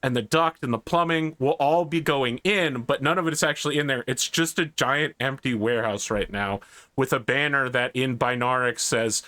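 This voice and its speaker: A man's voice: mid-range voice, moderate pace, pushed and bright, no echo. A man narrating a tabletop role-playing game as game master, casual and vivid, with many "like"s.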